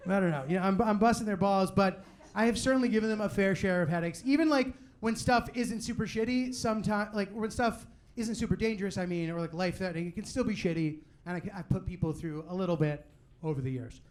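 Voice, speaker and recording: A young man with a noticeably high-pitched voice works through a live stand-up set. He talks loosely, rambling through "like" and "you know what I mean," and slips into quick quoted asides from friends and family. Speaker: stand-up comedian. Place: live comedy venue with audience.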